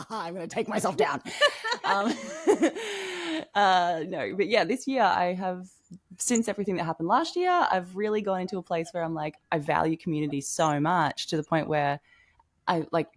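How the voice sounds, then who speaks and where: A young woman with a notably low voice talks effusively on a podcast, laughing often and swearing casually. The sound is dry and close, with no room echo. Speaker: podcast co-host. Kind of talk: casual chat.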